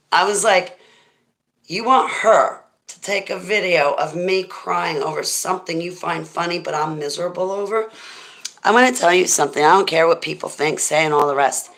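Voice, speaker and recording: A middle-aged woman with a deep, smoky voice, hosting a rambling, goofy livestream chat and thanking viewers as she goes. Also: normal speed, a bit bright. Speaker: livestream host.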